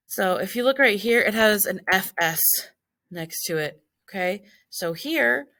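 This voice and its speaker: A woman's voice: fairly low pitch, a bit bright, dry recording, clean studio sound. Casual woman teacher talking through notes. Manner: casual, explains step by step with many fillers. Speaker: Spanish teacher. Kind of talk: recorded class notes walkthrough.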